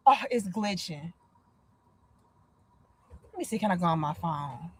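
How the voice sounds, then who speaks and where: A woman with a fairly low voice speaks a little slowly and pauses often, with no echo. In her thirties and from the United States, she hosts a casual livestream chat, blunt, profane and energetic in her storytelling.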